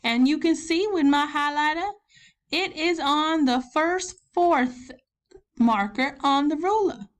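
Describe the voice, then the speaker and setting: High-voiced folksy southern granny filling in as teacher, played by a woman, encouraging, walks kids through each step. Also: slow pace. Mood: patient. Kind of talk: recorded math lesson.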